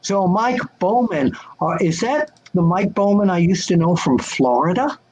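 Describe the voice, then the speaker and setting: An older man telling wrestling-magazine stories on a video call, lively and acting out the voices of people he quotes. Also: high voice, measured pace, breathy edge, low-quality recording. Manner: animated, acts out quoted voices. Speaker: guest answering fan questions. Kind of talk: casual storytelling chat.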